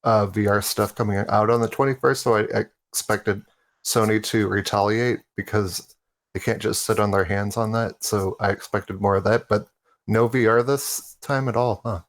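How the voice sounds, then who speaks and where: A man on a casual podcast panel speaks in a somewhat low voice. His talk is laid-back and rambling, full of ums and restarts. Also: fairly even intonation, normal speed.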